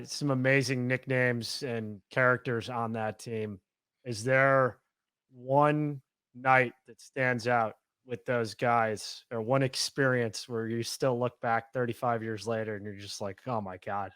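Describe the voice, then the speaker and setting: A man co-hosting a podcast, with a smooth, clear voice recorded close and dry. He asks relaxed questions and laughs easily along with his guest. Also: mid-range voice, unhurried, dry recording. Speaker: podcast co-host, golf TV host. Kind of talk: interviewing a guest.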